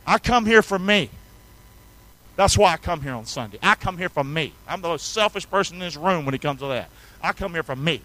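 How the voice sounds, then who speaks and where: A preacher from North Carolina delivers a sermon in a high, bright, ringing voice that leaps all over the scale. He swings from hushed, low passages to loud, excited bursts and calls on the congregation to answer him. The sound is close and dry. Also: fairly quick, dry recording, rough recording. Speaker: pastor.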